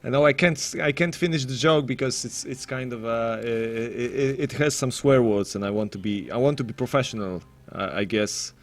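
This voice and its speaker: A man's voice: mid-range voice, a little fast, few pauses. A man casting an esports match on his live stream, rambling and self-deprecating with frequent restarts. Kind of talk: casual live stream commentary.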